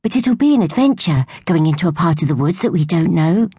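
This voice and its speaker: A woman's voice: on the low side, lively intonation, fairly quick, slightly rough, dry recording. A woman voicing an eager, kind young female squirrel. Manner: bright and eager.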